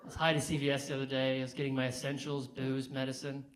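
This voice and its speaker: A young adult man doing a stand-up comedy set on a brewery stage, telling deadpan stories and later working the crowd loudly. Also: medium pitch, quick pace, background noise. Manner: deadpan storytelling, rising to loud crowd work. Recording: live audience laughter behind.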